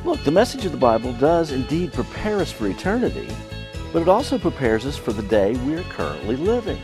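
A man's voice: wildly swooping pitch, fairly quick. Earnest preacher man over music. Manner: earnest preaching with big swings in pitch. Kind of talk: sermon excerpt in a program opener. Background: music bed.

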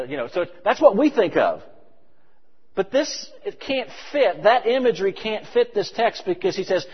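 A man's voice: mid-range voice, husky. Preaching man in an echoey hall. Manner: animated, emphatic preaching with conversational asides. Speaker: pastor. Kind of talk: sermon. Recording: dull, reverberant hall recording.

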